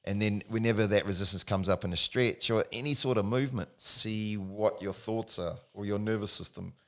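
Deep-voiced man, casual coach chat. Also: moderate pace. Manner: animated, acts out voices of the body, says bro. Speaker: mobility coach.

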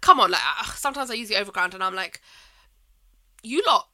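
A woman's voice: medium pitch, rapid-fire, pushed and bright. A young woman, co-hosting a casual chat and ranting bluntly about commuters. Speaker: podcast co-host.

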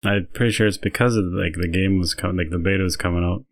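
A man's voice: sits low, fairly even intonation, fast talker. A man co-hosting a casual podcast, telling stories in a rambling way with lots of fillers. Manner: rambling storytelling with many fillers. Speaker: podcast co-host. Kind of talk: casual chat.

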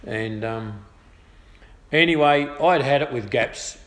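Slow and medium-pitched, a middle-aged Australian man recounts a personal testimony in casual, chatty storytelling. He's good-humoured and voices quotes lively, and the recording has an echoey room with faint ambience.

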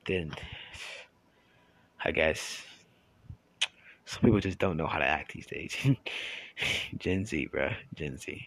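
A man talking straight to his channel's viewers in a casual monologue, rambling and halting with many restarts and trailing asides. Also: rumbling low, a bit bright, no echo, poor audio. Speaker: YouTuber.

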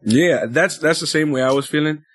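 A man's voice: fairly high pitch, normal speed, fairly bright tone, dry recording, clean studio sound. A man co-hosting a casual wrestling chat, loose and profane, rambling with filler words. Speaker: podcast co-host.

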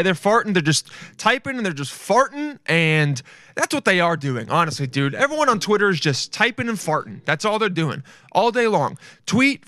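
A man's voice: mid-range voice, a bit bright, no room sound, clean studio sound. A young man hosting a casual solo podcast, talking in a loose, emphatic way and swearing freely. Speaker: podcast host.

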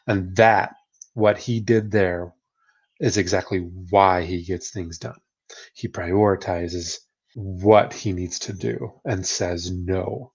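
A man co-hosting a casual book discussion podcast, chatty and relaxed, often tagging "right?" and laughing. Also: lowish voice, a little slow, highs cut off. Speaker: podcast co-host, therapist.

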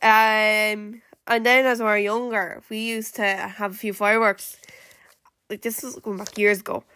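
A woman's voice: mid-range voice, flat delivery, unhurried, bright, forceful tone, clean tone. A woman with an Irish accent hosting a casual live-stream podcast, rambling along with lots of "like" fillers and restarts. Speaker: podcast host.

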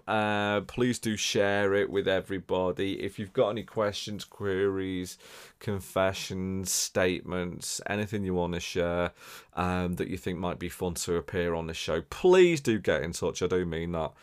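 Low-voiced chatty English man. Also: a little slow, clean tone. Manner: chatty and animated, with many fillers and repeats. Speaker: podcast host. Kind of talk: casual podcast sign-off chat.

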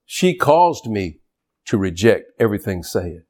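An older man, a pastor, preaching a sermon in a church, animated and shouting at times for emphasis. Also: fairly low pitch, unhurried.

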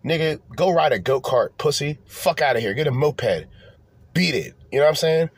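A man's voice: fairly high pitch, normal speed, slightly rough, no echo. Profane ranting podcast man. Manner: animated, profane, rambling with repeated restarts. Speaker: podcast host. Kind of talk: casual profane rant.

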